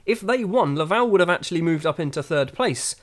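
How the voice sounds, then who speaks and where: Excitable man commentating a game. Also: fairly high pitch, fairly quick. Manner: excitable, frustrated outbursts, self-mocking asides. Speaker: gaming YouTuber. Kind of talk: casual commentary over a football management game.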